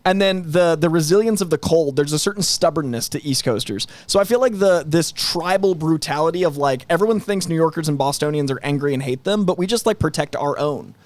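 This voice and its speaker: A man's voice: fairly high pitch, brisk, few pauses, no echo. A man on a film discussion panel, thoughtful and musing.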